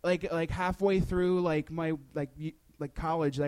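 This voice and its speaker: A young man with a high voice, doing stand-up and then chatting. His talk is playful and jokey, full of fillers and restarts. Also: steady tone, measured pace, hardly any pauses, darkish tone, clean tone. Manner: playful, hesitant with many fillers. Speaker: stand-up comedian. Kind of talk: comedy bit then casual interview chat.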